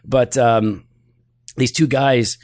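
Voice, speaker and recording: A man co-hosting a podcast in casual chat, telling stories in an animated way and acting out quotes. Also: medium pitch, takes it slowly, no echo, clean studio sound. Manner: animated storytelling with lively acted-out quotes. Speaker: podcast co-host.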